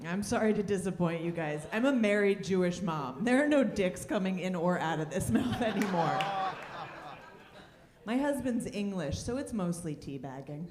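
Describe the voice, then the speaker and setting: A woman performing a stand-up comedy set on a club stage, dropping wry, deadpan punchlines between lively asides. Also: mid-range voice, normal speed, echoey room, noisy background.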